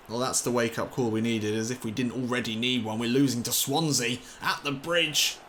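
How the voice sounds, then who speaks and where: A young man commentating his own football video game, getting excited and swearing when things go wrong. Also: mid-range voice, moderate pace, a little hiss or hum. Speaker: gaming commentator. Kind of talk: let's play commentary.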